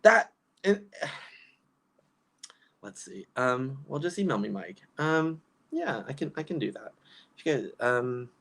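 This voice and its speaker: A woman's voice: very deep voice, big pitch swings, slow pace, pauses often, a bit bright. Exasperated woman ranting on livestream. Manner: exasperated, ranting, laughs often. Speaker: livestream commentator reading chat. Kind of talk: casual livestream commentary.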